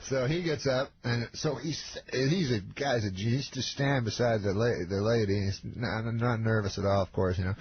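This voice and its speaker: Rambling deadpan man, lo-fi radio. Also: mid-range voice, normal speed, hardly any pauses. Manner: meandering storyteller, deadpan, stumbling fillers. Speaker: comedian guest. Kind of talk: rambling anecdote on a radio show. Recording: lo-fi radio recording with hiss.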